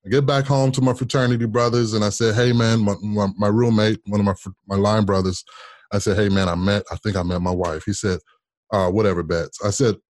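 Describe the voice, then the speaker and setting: A man from Kansas, a state senator, telling a personal story as an interview guest in an animated way, often repeating words as he goes. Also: lowish voice, a little fast, no room sound. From Kansas, United States.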